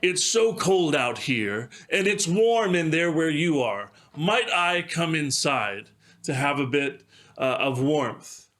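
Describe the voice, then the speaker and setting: A tall, hissing male demon, sly and lonely, pleads in a polite, coaxing voice as a man puts him on. The voice sits somewhat high for a man. It reads as a told story, not a staged drama. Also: lively intonation, takes it slowly, a bit bright.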